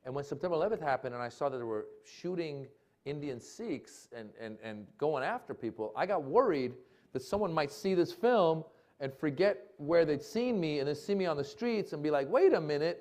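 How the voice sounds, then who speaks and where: A comedian telling a funny story on stage to a live audience, acting out the lines of other people and laughing often. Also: male voice, on the high side. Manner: animated, acts out dialogue, laughs often. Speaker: comedian guest.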